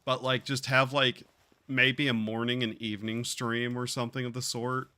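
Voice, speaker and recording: A man's voice: mid-range voice, little pitch movement, normal speed, sharp tone. A man streaming a game, talking in a drawling, meandering way with sighs and casual swearing. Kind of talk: casual gaming stream chat.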